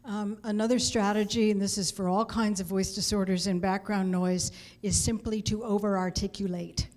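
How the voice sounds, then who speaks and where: A woman co-presenter explaining a voice strategy in a clear, practical way. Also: medium pitch, flat delivery, normal speed, darkish tone. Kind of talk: instructive explanation.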